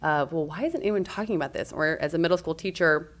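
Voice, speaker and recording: A woman in her thirties with a low voice tells stories with energy, slipping into other people's lines. She talks in a relaxed podcast-chat way as a guest. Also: fast talker. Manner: animated, acts out quoted speech. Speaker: guest, parenting speaker. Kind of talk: conversational podcast storytelling.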